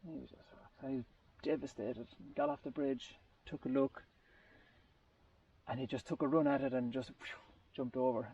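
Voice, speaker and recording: Man, gravelly mellow voice, rambling storyteller, heard from a distance on a muffled lo-fi recording. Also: mid-range voice. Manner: rambling, searching for words with restarts. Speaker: group participant. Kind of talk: casual storytelling in a group chat.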